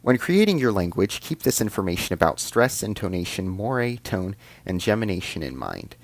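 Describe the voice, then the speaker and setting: Deep-voiced man explaining linguistics. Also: sing-song, normal speed, no echo. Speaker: video essay host. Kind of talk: scripted educational narration.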